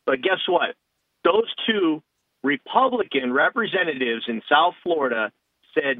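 A man's voice: on the high side, lively intonation, unhurried, no echo. A male podcast co-host talking politics casually, emphatic and rambling, on tinny phone-like audio.

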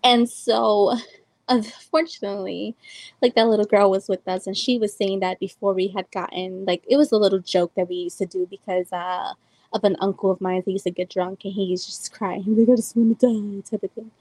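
A woman's voice: mid-range voice, fairly even intonation, moderate pace, a little mellow, no echo, rough recording. A woman in her twenties from El Salvador, hosting a podcast and telling a personal story in a loose, rambling way with many fillers. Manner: rambling, heavy use of "like" and "um". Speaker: podcast host.

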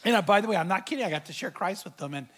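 A man's voice: high-pitched, expressive, very fast. A middle-aged male pastor preaching a sermon, telling a personal story and acting out the quoted dialogue with animation.

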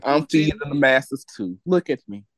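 Man, joking podcast co-host, lively swings in pitch, dry close sound. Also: normal speed, no room sound. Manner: joking, riffing, animated. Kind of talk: casual group chat.

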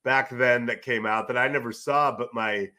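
A middle-aged man from California, a sports journalist and guest, telling loud, rambling stories in casual podcast chat. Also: medium pitch, normal speed. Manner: animated storyteller, loud, rambling with restarts.

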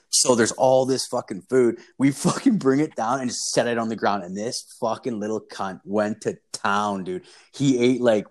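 Low-voiced young man telling a rambling story. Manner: rambling, profane, full of fillers. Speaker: storyteller in a chat. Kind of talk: casual chat.

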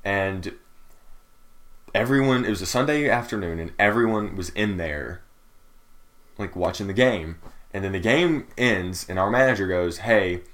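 A man's voice: low-pitched, expressive, normal speed, long pauses, fairly bright tone. A young man co-hosting a podcast, talking casually and searching for his words. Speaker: podcast co-host. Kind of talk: casual chat.

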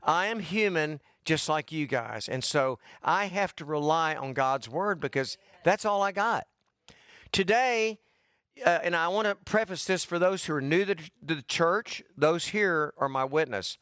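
A pastor preaching a sermon in a folksy, easygoing way. He drops in joking asides to his congregation. His voice sits a little high for a man, and it sounds close and dry. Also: expressive, unhurried, a bit bright, no echo.

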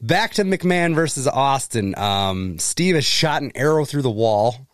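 A man's voice: mid-range voice, animated, measured pace, no room sound. A man co-hosting a podcast, recapping in casual chat, laughing often and swearing casually. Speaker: podcast co-host.

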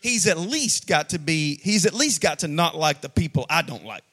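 A man preaching a sermon to a congregation, building to shouted, sing-song peaks and dropping to quiet asides. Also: fairly high pitch, big pitch swings, normal speed. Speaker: pastor. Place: church sanctuary before a congregation.

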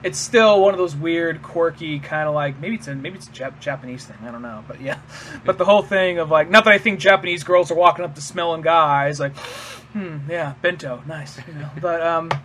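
A man's voice: fairly high pitch, a little fast, a bit bright, slight background noise. A man co-hosting a podcast, rambling in casual chat, laughing and swearing and acting out quotes. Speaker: podcast co-host.

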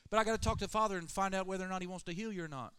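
A kindly, gentle Jesus speaks with soft reassurance, played by a man preaching. The voice sits a touch high and stays warm in manner, calling the listener dear. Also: very fast, clean tone, no room sound. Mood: mock-apologetic. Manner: tender, reassuring, calls her honey.

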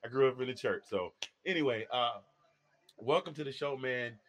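A man hosts a podcast in a loose, talkative way. His delivery is animated and full of jokes, and he often laughs between lines. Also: mid-range voice, moderate pace. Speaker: podcast host. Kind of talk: casual chat.

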